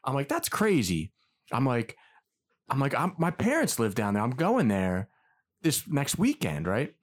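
A man's voice: medium pitch, huge pitch swings, a little slow. A man co-hosting a casual podcast, telling a long story and acting out the quoted dialogue, swearing freely. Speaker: podcast co-host.

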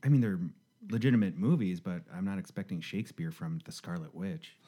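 A man's voice: low voice, expressive, a little fast, warm tone, breathy edge. A man co-hosting a casual movie chat, joking and opinionated. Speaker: podcast co-host.

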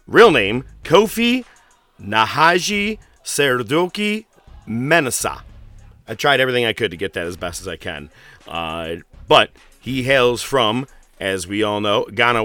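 A man's voice: fairly low pitch, bright, forceful tone. A man hosting a casual podcast, rambling and profane, with lots of fillers. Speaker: podcast host.

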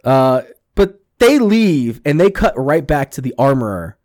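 Recapping a TV episode for a podcast, this man speaks at a medium pitch and an unhurried pace in studio-quality audio without echo. He performs the characters' quotes with animation and swears a lot in this casual chat.

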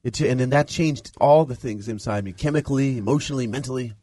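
Mid-pitched guy on a spiritual radio show, thoughtful, agrees a lot, dry studio mic. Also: fast talker, warm tone, no room sound. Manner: reflective, affirming, frequent agreement. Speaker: radio co-host. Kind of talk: casual spiritual radio chat.

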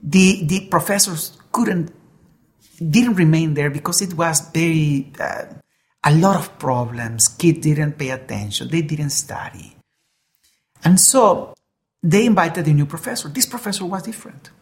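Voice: mid-range voice, measured pace, a little mellow. A preacher giving a sermon and telling an illustration story, speaking earnestly and often repeating words while searching for them.

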